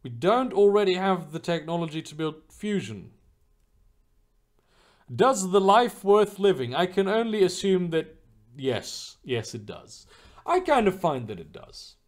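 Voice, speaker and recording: A young man talks loosely through viewer questions on his stream, his pitch rising and falling a lot as he goes. He rambles, restarts his sentences, fills gaps with "uh" and "like", and swears freely. His voice sits a little above the usual for a man. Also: very animated, moderate pace. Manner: rambling, profane, with many fillers and restarts. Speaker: streamer answering chat. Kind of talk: casual livestream chat.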